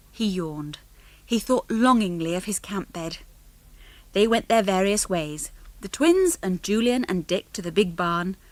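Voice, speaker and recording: A woman's voice: medium pitch, no echo. Woman reading a children's story. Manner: clear, measured storytelling. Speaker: audiobook reader. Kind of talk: scripted narration.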